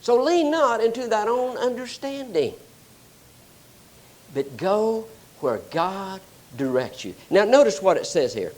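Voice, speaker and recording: A man preaching a sermon, explaining scripture and telling animated stories. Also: high voice, unhurried. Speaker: pastor.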